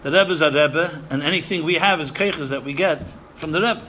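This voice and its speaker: Emphatic bright-voiced man lecturing. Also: on the high side, brisk, a little hiss or hum. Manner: emphatic, repeats phrases, Yiddish and Hebrew terms. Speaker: rabbi lecturing seminary students. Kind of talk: sermon-style lecture.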